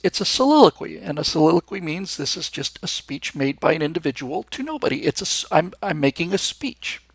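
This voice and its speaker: Gravelly-voiced man hosting a chat show. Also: on the high side, no room sound. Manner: enthusiastic, rambling, with frequent restarts. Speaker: host. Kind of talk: casual monologue on a live show.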